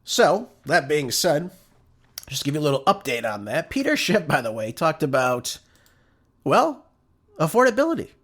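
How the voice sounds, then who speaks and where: A man hosts a political commentary show, talking emphatically and firing off rhetorical questions. His pitch swings widely and sits a little high, and he sounds heated. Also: big pitch swings, moderate pace, fairly bright tone.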